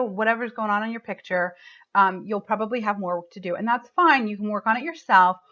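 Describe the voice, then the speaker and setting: A woman's voice: medium pitch, a bit bright. Woman, tapping coach, guided session, heartfelt, emotional, dull recording. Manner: heartfelt, emotional, gets choked up.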